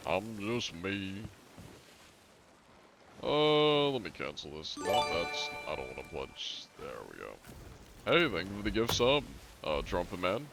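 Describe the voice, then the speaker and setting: Low-voiced, laid-back male streamer. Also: very animated, a little slow, music in the background. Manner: laid-back, chuckling, reads chat aloud. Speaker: game streamer. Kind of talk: casual live-stream chat.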